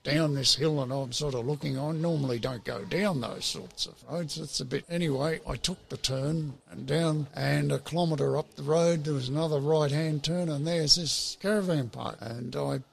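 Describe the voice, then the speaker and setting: A man's voice: on the high side, normal speed, gravelly, few pauses. A man, telling a long personal story at an easy rambling pace with repeated words. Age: 70s. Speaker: interview guest. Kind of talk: casual storytelling.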